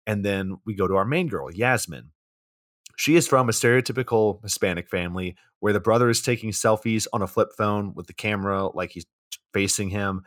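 A man's voice: fairly low pitch, a little fast, dry recording, clean studio sound. A young man co-hosting a casual comedy podcast, sardonic and profane, with mock exasperation as he recaps a movie. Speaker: podcast co-host.

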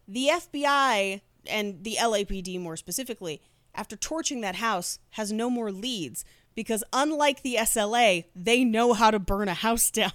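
A woman's voice: fairly high pitch, fairly bright tone, no echo. A woman hosting a podcast who tells a true crime story in a casual, chatty way. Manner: laughs while telling the story.

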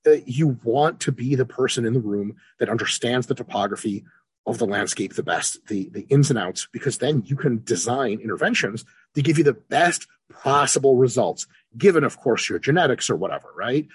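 A man guest on a podcast, an exercise scientist talking casually and profanely, animated, swearing freely and acting out characters. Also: medium pitch, normal speed, husky, no echo.

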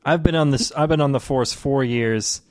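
A man's voice: mid-range voice, moderate pace, close to an everyday voice. A man voicing a wounded male police officer who talks bluntly and curses offhandedly. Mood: casual. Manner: cursing, offhand, rambling.

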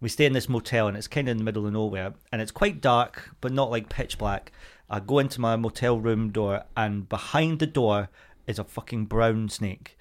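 A man co-hosting a casual podcast, telling stories animatedly, swearing freely and bursting into loud impressions. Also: fairly low pitch, moderate pace. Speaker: podcast co-host. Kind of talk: casual chat.

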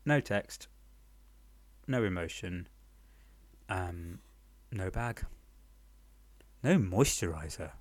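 A young man telling a comic story about his life in a dry, deadpan, understated way, recorded at home. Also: deep voice, extremely slow, pauses often, no echo. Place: home apartment.

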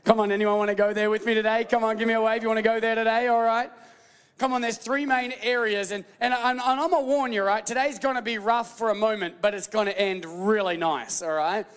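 A man preaching a sermon as pastor, animated and playful, calling out to the congregation and slipping into mock voices. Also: sits high, a little fast, smooth, in a large hall.

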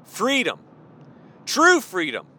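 A man preaching a sermon, swinging between soft pleading and loud, impassioned declaration. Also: high voice, wildly swooping pitch, takes it slowly.

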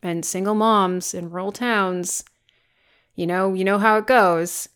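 A woman co-hosting a podcast, recapping a film in casual chat with sarcastic, animated storytelling and plenty of swearing. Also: medium pitch, unhurried, smooth. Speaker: podcast co-host.

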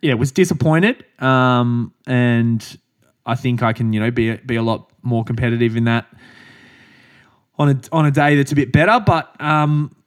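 A man's voice: medium pitch, normal speed, smooth. An Australian man co-hosting a running podcast, telling stories in casual chat, swearing freely and laughing as he goes. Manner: chatty storytelling, swears freely, laughs as he talks. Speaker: podcast co-host, runner.

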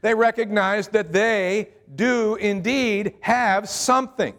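A man's voice: sits high, fairly even intonation, takes it slowly, fairly bright tone. An older man, a pastor, preaching a sermon and telling his own story in a conversational way, often repeating his words as he starts a sentence. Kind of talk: sermon with personal testimony.

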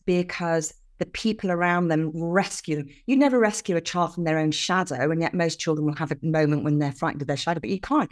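An older woman, a podcast guest explaining things earnestly with lively emphasis in casual conversation. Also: lowish voice.

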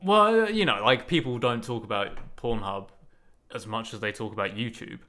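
A man's voice: mid-range voice, normal speed, sharp tone. Dry-humored man co-hosting a podcast. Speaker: podcast co-host. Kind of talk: frank casual chat.

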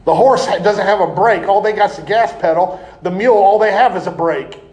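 A man preaching a sermon in an animated, folksy way, often breaking into laughter. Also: high voice, fairly quick. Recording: echoey room.

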